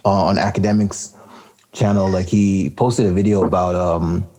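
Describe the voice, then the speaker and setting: Relaxed husky-voiced podcast man. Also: deep voice, normal speed. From Canada. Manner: laid-back, rambling, laughs often, many fillers. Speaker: podcast co-host. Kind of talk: casual hip-hop podcast chat.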